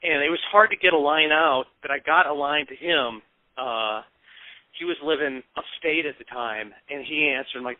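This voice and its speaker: A man from Peoria tells a long story as a radio guest, rambling and swearing and acting out what others said. His voice sits fairly high for a man. The sound is dry and narrow, like a phone line. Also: normal speed, no echo. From Peoria, Illinois. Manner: rambling, swears freely, acts out quotes. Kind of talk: casual storytelling.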